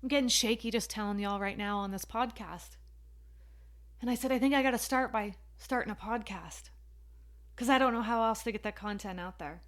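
A woman's voice: a little high, moderate pace. A woman hosting her own podcast, telling a motivational story with emotional emphasis. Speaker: podcast host.

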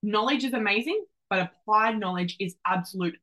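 A woman's voice: medium pitch, normal speed, hardly any pauses, bright, forceful tone, poor audio. Young woman doing a solo hype podcast, brash, swears a lot, calls you babe. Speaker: podcast host.

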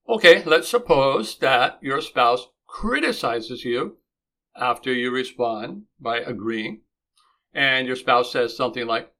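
A man with a bright, forceful voice gives calm, instructive relationship advice on his podcast. He speaks in a mid-range voice and acts out short lines of dialogue between spouses. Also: mid-range voice. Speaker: relationship coach and podcast host. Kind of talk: scripted podcast advice monologue.

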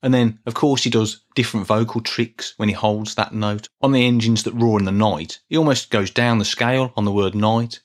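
A middle-aged man runs a casual podcast by himself, his lowish voice even in tone and moving at normal speed with hardly a pause. He chats loosely, runs himself down a bit, and restarts small bits of sentences.

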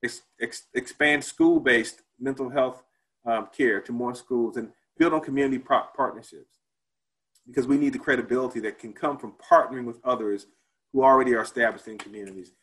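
A man's voice: mid-range voice, a little fast, fairly bright tone, rough recording. A man presenting at a conference, reciting a spoken-word piece of repeated rhetorical questions that rise and then fall almost to silence. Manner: rhetorical, rising on questions and dropping to near silence.

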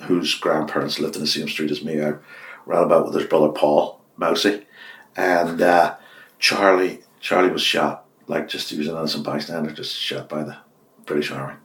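A man in his sixties from Belfast with a West Belfast accent, a radio host chatting as an interview guest, telling stories in animated bursts with many restarts. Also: very deep voice, moderate pace, gravelly. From Northern Ireland. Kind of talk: casual interview chat. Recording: echoey office room.

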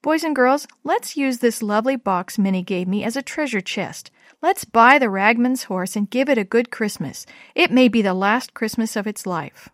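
A woman's voice: fairly high pitch, moderate pace, hardly any pauses, dry recording, clean studio sound, natural voice. Woman reading as a kind schoolteacher. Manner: kind, warm encouraging.

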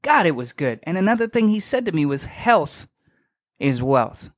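A young man hosting a podcast, telling a story in a casual, animated and slangy way, emphatic and full of asides. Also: high voice, fast talker, dry recording, studio quality. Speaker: podcast host.

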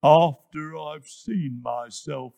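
A man voicing a vain, touchy male hippopotamus in a children's story, speaking slowly and indignantly. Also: on the high side, vocal fry, mellow, no room sound, highs cut off, full character voice. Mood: sulky. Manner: sulky, indignant, slow and emphatic.

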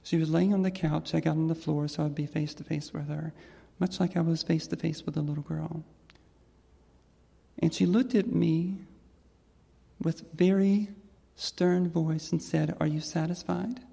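A trans woman telling a personal story on stage to an audience in a reflective, gentle way. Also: sits low, steady tone, moderate pace, gravelly, husky. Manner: reflective and gentle, with soft laughs. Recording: long hall reverb.

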